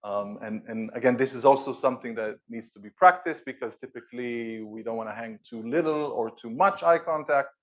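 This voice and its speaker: Energetic man giving an office talk. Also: medium pitch, highs cut off. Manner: energetic, demonstrative, pausing for emphasis. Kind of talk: live presentation to co-workers. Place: office event room with an audience.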